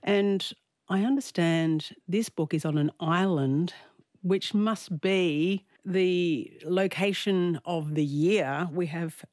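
Radio book show host, mid pitch, chatty, casual, dry studio. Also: darkish tone, dry recording. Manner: chatty, quick to giggle. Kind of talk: radio book review chat.

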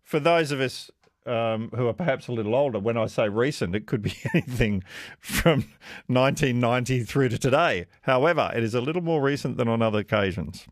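A man's voice: mid-range voice, expressive, fairly quick, no room sound, studio quality. A man hosting a radio quiz, chatting casually with callers in a self-deprecating way and laughing often. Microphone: studio microphone.

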